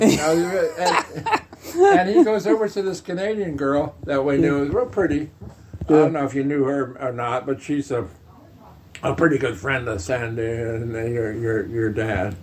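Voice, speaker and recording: A man's voice: mid-range voice, steady tone, normal speed, low-quality recording. Older man rambling through an old story. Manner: rambling, lots of fillers and laughing asides. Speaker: storyteller, uncle. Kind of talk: casual family storytelling.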